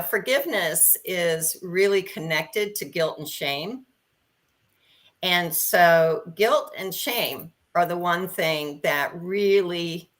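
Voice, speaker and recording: A woman guest coach speaking calmly and encouragingly in a casual online chat. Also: on the low side.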